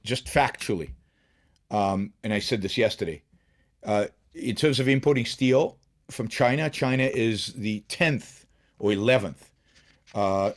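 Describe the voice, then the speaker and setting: A middle-aged man hosting a solo political commentary show, talking emphatically with frequent restarts and repeated words. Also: fairly low pitch. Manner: emphatic, with many restarts and repetitions. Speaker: show host.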